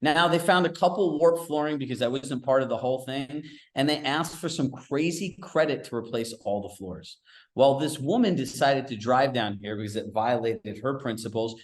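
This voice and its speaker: A man speaking as a real estate business coach in a live group coaching session, telling stories with quick asides in a direct, conversational way. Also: mid-range voice, echoey room.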